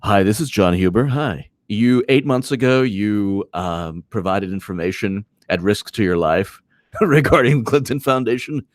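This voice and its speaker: A man's voice: lowish voice, expressive, a little slow, no room sound, studio quality. A man voicing a stiff, awkward male government official who fumbles through a phone call. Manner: hesitant, fumbling.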